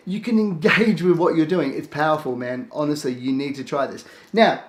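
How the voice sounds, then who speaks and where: A man teaching a productivity tip in a casual, lively way, acting out his own thoughts in quick asides. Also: on the high side, a little hiss or hum. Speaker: productivity coach. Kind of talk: casual instructional talk to camera. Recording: echoey room.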